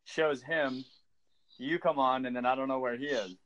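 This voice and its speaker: A man's voice: medium pitch, fairly even intonation, moderate pace, fairly bright tone, highs cut off. An American man hosting a podcast, chatting in a laid-back, rambling way and laughing easily. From United States. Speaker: podcast host. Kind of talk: casual chat.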